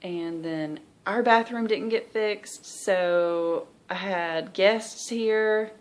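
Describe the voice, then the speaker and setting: A woman's voice: mid-range voice, drawn-out words. A woman in her thirties with a Southern US accent, chatting candidly and rambling in a stitching vlog, sounding tired. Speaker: cross-stitch vlogger. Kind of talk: casual chat.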